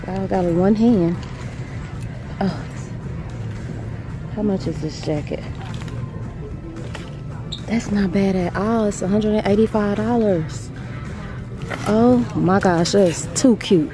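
A woman vlogging casually, chatty and excitable, talking straight to her viewers while out at a mall. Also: medium pitch, slow pace, long pauses, music in the background. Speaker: beauty vlogger. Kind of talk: casual vlog chat to camera. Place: out and about in a mall and car.

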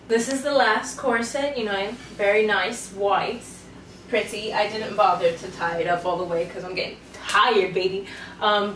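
A young adult woman chatting playfully through a clothing try-on haul, with sassy slangy asides. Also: mid-range voice. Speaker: fashion vlogger. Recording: roomy, mic far off, faint noise.

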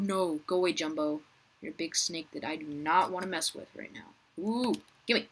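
Husky young woman chatting over gameplay. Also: sits low, unhurried, rough recording. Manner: chatty, talks to viewers and players on screen. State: rough, uncooperative voice, clearing throat. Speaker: gaming youtuber. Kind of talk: casual gameplay commentary.

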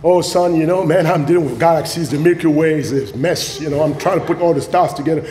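A preacher voicing God as a relaxed, chatty father during a sermon, speaking casually and fondly. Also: a little high, fast, a little hiss or hum, pitched below the performer's own voice, natural voice. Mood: laid-back. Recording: echoey church hall.

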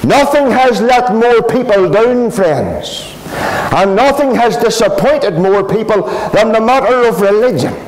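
Brief: Northern Irish man, gospel preacher, high voice that swoops widely, hammering his points home by repetition. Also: animated, a little slow, slight background noise, rough recording. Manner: emphatic, repetitive, addresses listeners as friends. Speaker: pastor. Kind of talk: revivalist gospel sermon. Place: gospel hall.

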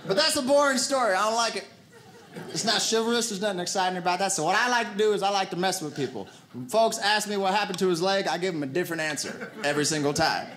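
A man doing a stand-up comedy set, telling animated stories and putting on voices for the people he quotes. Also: sits high, quick pace. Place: theater stage before a laughing audience. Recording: loud audience noise.

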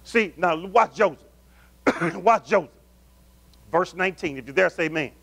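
Man, pastor, sermon, high voice, call-and-response, loud then hushed. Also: animated, moderate pace, vocal fry. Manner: call-and-response preaching, asking the congregation questions; swings between loud emphatic calls and low murmurs.

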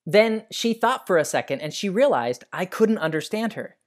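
An American man hosting a science lesson for kids, telling stories in a friendly, animated way. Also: high-pitched, normal speed. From United States. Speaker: educational show host.

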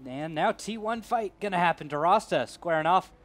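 A man's voice: sits high, expressive, moderate pace, fairly bright tone. Goofy male esports co-caster. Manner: goofy, jokey, dry asides. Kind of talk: esports color commentary.

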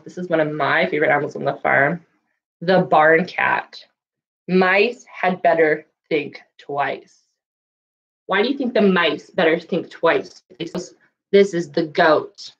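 In a lo-fi recording, a library storyteller with a low-pitched voice reads picture books to small children. She keeps things lively, stops to ask them questions, and coughs occasionally.

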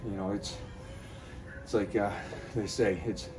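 A man's voice: fairly low pitch, steady tone, a little slow, darkish tone. A man talking to his viewers in a motivational vlog while doing cardio, out of breath and rallying them to push on. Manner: pep-talk, addresses viewers directly. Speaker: fitness vlogger.

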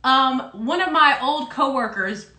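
A woman's voice: sits high, expressive, measured pace, bright, forceful tone, roomy sound. A woman from South Carolina with a Southern accent, hosting a playful, chatty livestream show from her home. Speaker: host. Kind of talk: casual livestream chat. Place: home in Brooklyn.

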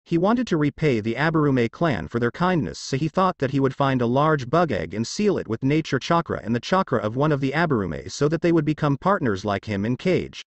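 A man narrates fan fiction with an even storytelling delivery. His pitch rises and falls freely, and the recording is dry and close to the mic. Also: fairly quick, few pauses, no room sound, muffled recording.

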